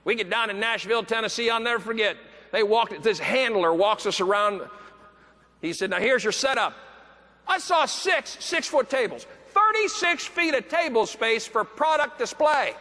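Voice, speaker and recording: Male keynote speaker, very high bright voice, animated storyteller who voices the people he quotes, echoey hall. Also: moderate pace. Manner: animated, acts out quoted voices, bursts into shouts. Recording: echoey hall, faint background noise.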